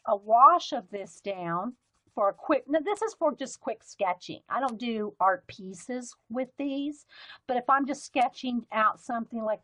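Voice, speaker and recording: A chatty woman with a soft Southern US accent hosts a casual art live stream, talking her way through pens and markers. Her voice sits a little high, and she rambles and wanders off on little tangents as she goes. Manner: chatty, rambling, easily sidetracked. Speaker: livestream art host.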